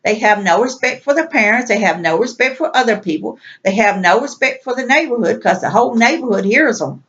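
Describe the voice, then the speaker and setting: A woman's voice: fairly high pitch, animated, a little fast, a bit bright. A woman vlogger venting in an exasperated, repetitive rant. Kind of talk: venting monologue. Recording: dull lo-fi recording.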